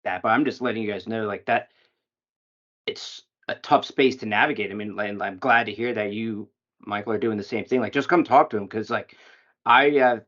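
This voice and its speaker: A man's voice: fairly low pitch, normal speed, a bit bright. Thoughtful man hosting a podcast. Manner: thoughtful, reflective, a bit rambling. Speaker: podcast host, parent. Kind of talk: casual interview chat. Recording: dull lo-fi audio.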